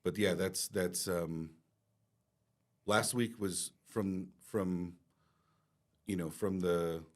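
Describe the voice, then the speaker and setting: A man's voice: low voice, fairly even intonation, extremely slow. A man co-hosting a business podcast, talking candidly and casually with some swearing and repeated starts. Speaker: podcast co-host and company team member.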